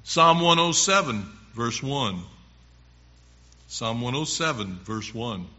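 Slow, emphatic male preacher. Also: medium pitch, animated, pushed and bright, muffled recording. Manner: slow, emphatic reading of verses. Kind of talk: sermon with scripture reading.

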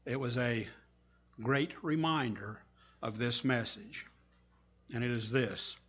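Husky-voiced man preaching a sermon. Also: mid-range voice, fairly bright tone, dull audio. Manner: earnest storytelling, slow emphatic pauses. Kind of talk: sermon with a told story.

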